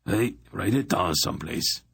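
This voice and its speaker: A man voicing an excitable, plaintive male king in an audiobook, protesting and quick to shout. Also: low voice, creaky, husky, no echo, studio quality, heavily acted. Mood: agitated.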